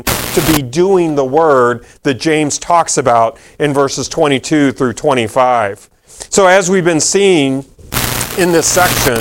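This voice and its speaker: A man's voice: on the high side, background noise. A man pastor preaching a sermon in a conversational way, repeating key phrases and using fillers.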